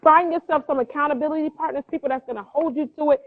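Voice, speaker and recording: A woman from New Jersey, a clothing brand founder, tells her story in an animated, motivational way as an interview guest. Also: high-pitched, quick pace. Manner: lively, acts out quoted voices, motivational. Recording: tinny phone-line sound.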